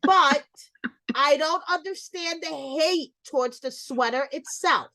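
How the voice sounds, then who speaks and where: Playful, blunt middle-aged woman host with a high voice, for casual gossip talk. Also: slow, bright, forceful tone, dry recording, poor audio.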